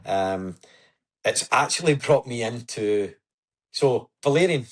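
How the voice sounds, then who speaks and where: A man's voice: mid-range voice, animated, takes it slowly. A man as a podcast guest, telling his story in an earnest, chatty way. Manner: earnest, storytelling, says "aye" and "wee" often. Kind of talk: casual interview chat.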